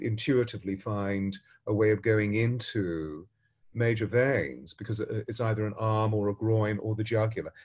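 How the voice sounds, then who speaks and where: A man, a spiritual teacher, tells a parable and gives a spiritual talk in an expressive, dramatic way, shifting his pace and loudness. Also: on the low side, breathy edge.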